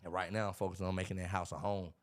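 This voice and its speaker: A man, talking in a casual interview about his life, animated and preachy, acting out what others say. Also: low-pitched, rapid-fire. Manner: animated, preachy storytelling with acted-out quotes. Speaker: podcast guest, motivational speaker.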